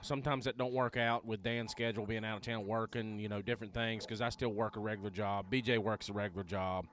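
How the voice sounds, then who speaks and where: A man's voice: on the low side, little pitch movement, fast, a bit bright, a little hiss or hum. A man, a podcast co-host chatting casually and rambling with fillers. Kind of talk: casual chat.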